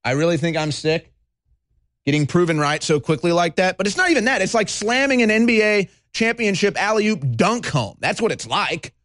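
A man hosting a heated ranting monologue, talking fast and animated, sighing and mocking others in put-on voices. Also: high voice, dry recording, clean studio sound. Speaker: host.

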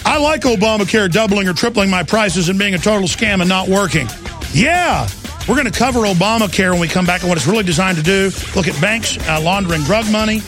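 A man's voice: sits high, animated, fairly quick, over music. A middle-aged man hosting a talk radio show, delivering an urgent, impassioned political monologue. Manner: gravelly, urgent, ranting delivery.

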